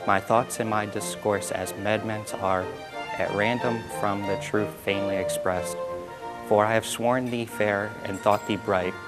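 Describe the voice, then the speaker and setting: A man reciting a poem in a steady, measured reading. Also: lowish voice. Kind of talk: poetry recitation. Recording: instrumental music under voice. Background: instrumental music.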